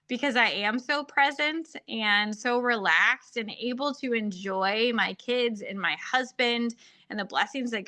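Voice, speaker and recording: A woman's voice: on the high side, pushed and bright. A woman hosting a faith-based marriage coaching podcast, speaking in an earnest, personal monologue with frequent fillers.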